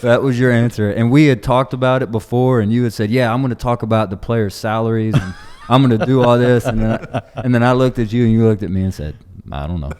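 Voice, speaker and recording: A man's voice: medium pitch, steady tone, fast, hardly any pauses, darkish tone. A man hosting a casual podcast chat over beers, teasing his cohost and laughing through his own stories. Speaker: podcast host. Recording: long room reverb.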